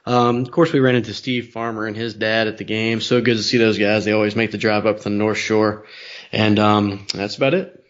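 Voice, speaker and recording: Male podcast co-host, relaxed and easygoing, reading off stats, slightly muffled recording. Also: fairly low pitch, brisk. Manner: relaxed, reads scores and schedules. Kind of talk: casual sports podcast chat. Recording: slightly dull lo-fi sound.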